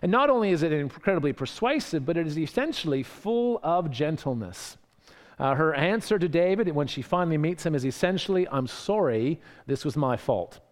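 Aussie bloke preaching, chatty, keeps asking right?, slightly higher voice, big hall echo. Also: male voice, animated, fairly quick. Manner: conversational, frequent "right?" tag questions. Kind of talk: sermon. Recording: long hall reverb.

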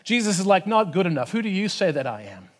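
A man preaching a sermon in a conversational, animated way, with frequent asides and fillers. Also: sits high, fast talker. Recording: reverberant hall.

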